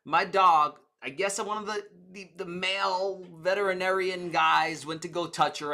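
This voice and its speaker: Man, communication coach, conversational teaching, bright tense tone, slightly high voice. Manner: conversational, explains with stories and examples. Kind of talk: teaching talk to camera.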